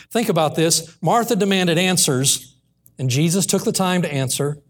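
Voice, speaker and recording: A man preaching a sermon in a church, reading scripture aloud and slowing down earnestly on the key lines. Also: high-pitched, expressive.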